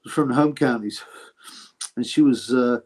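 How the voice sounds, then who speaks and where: A man's voice: mid-range voice, normal speed, darkish tone. A British man with an ordinary mid-range voice hosts a casual live chat. He reads each viewer question aloud, then fires back a blunt, crude answer. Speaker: livestream host answering chat.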